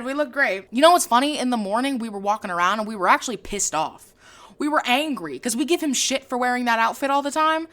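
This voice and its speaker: A woman's voice: high voice, a bit bright. A young woman hosting her own podcast, chatting casually, laughing often and swearing freely. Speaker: podcast host. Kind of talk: casual chat.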